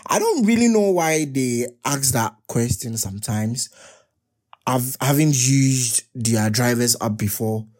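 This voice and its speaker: A young podcast host reads text messages out loud with offhand commentary, frequently bursting into loud, high-pitched laughter.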